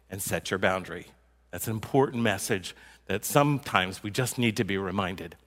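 A man's voice: medium pitch, pushed and bright, big-room sound. A man preaching a sermon as a pastor, in a conversational way and teasing his congregation.

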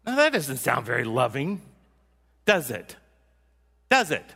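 A man's voice: medium pitch, huge pitch swings, unhurried, gravelly, bright, forceful tone, breathy edge, in a large hall. A man preaching a sermon as a pastor, in a conversational way and teasing his congregation.

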